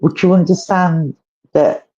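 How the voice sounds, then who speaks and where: Slow, halting woman giving a reading. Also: fairly low pitch, steady tone, dull audio. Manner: halting, repetitive phrasing with gentle questions to the sitter. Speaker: psychic medium. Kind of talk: live mediumship reading.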